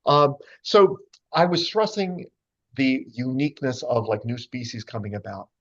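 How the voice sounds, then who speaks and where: A man's voice: mid-range voice, sing-song, a little slow, dull audio. Chatty man lecturing on birds. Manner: chatty, many fillers, playful asides. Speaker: speaker giving a talk to birders. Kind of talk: casual lecture with slides.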